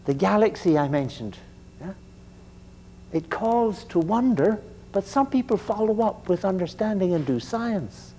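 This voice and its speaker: Mellow, joking male lecturer. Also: sits high, animated, measured pace, slight background noise. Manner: digressive, joking, conversational. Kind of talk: classroom lecture.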